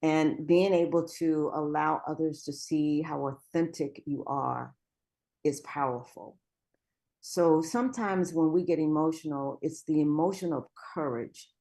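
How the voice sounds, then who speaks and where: Low-voiced woman speaking reassuringly. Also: unhurried. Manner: warm, reassuring, affirming. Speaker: guest speaker. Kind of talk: encouraging talk on a live show.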